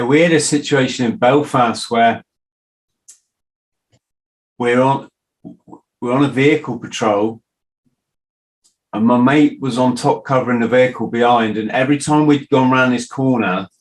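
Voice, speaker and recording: A man hosting a podcast, asking relaxed questions and telling his own story in casual chat. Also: medium pitch, unhurried, pauses often. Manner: brief listening sounds, relaxed questions. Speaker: podcast host.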